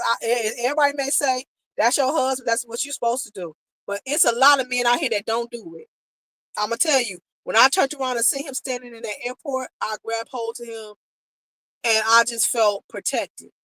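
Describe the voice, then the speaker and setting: Bright-voiced American woman telling a story. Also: fairly high pitch, no room sound, poor audio. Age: adult, married. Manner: emotional, animated retelling, quotes people, talks to viewers directly. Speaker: vlogger telling a travel story. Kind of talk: casual storytelling to viewers.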